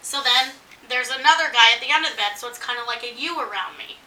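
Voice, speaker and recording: A woman's voice: a little high, fast, distant mic, a little hiss or hum. A woman chatting casually and telling a long story, acting out what people said. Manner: animated storyteller acting out quotes. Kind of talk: casual chat. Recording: echoey room, voice off-mic.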